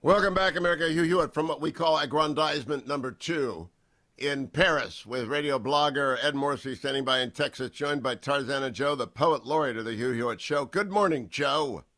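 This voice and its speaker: A man's voice: medium pitch, fairly bright tone, no room sound. Jovial man hosting a talk radio show. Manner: brisk, jovial banter.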